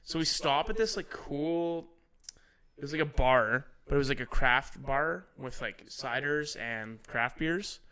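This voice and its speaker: Bright-voiced man telling stories. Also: mid-range voice, measured pace, clear, resonant tone. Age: 30s. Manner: animated, swearing, laughing while telling stories. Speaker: podcast host. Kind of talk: casual storytelling chat.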